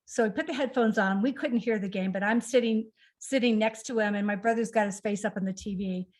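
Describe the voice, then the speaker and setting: A middle-aged woman tells a heartfelt family story at a conversational pace, slipping into the lines of the people she quotes. Her voice sits at an ordinary middle pitch and carries a lot of feeling. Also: a little fast, a little mellow. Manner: emotional, acts out quoted dialogue. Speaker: author guest.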